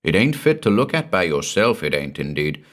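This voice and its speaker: A man's voice: sits low, sing-song, normal speed. A man voicing a timid, frightened male inn waiter who talks in an anxious, sheepish way.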